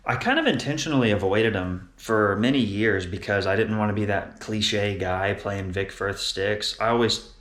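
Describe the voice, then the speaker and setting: A man's voice: lowish voice, moderate pace, a bit bright. A young man, a drummer, casually explaining his drum kit and cymbals, often repeating words as he goes. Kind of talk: casual gear walkthrough. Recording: echoey room.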